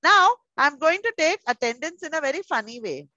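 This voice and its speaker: A woman preschool teacher, leading young children through an online class in an animated, playful, coaxing way. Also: high voice, brisk, dry recording, highs cut off.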